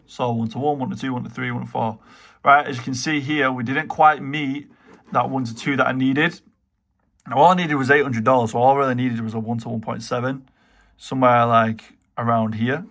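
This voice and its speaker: A young British day trader with a medium-pitched, creaky, fairly bright voice comments on his live trades. His talk is casual, slangy and full of swearing, and near misses leave him exasperated.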